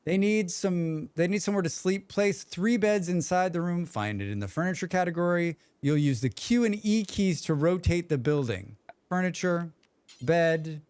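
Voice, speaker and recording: A man's voice: high-pitched, expressive, moderate pace, a little mellow, clear, resonant tone, no echo. A man streaming a game, chatting with his viewers in a joking, rambling way and humming to himself. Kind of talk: casual livestream chat.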